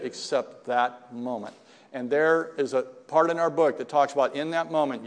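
A man's voice: medium pitch, in a large hall. An older man speaking at a recovery meeting, telling his personal story in a conversational way and often checking in with the listeners. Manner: conversational storytelling, frequent "right?" asides. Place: meeting room.

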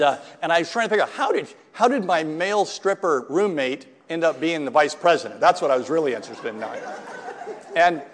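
A man's voice: mid-range voice, long reverb tail. A man in his sixties giving a rambling personal testimony at a recovery meeting, full of restarts and asides. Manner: rambling storyteller, many restarts and "right?" tags.

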